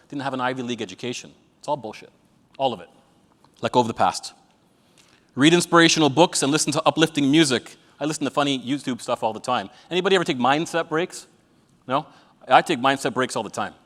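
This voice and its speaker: Man, mid-pitched, blunt and profane motivational speaker, jokey storyteller, recorded in a reverberant event hall. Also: a bit bright. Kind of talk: live motivational talk to an audience. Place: event venue with an audience.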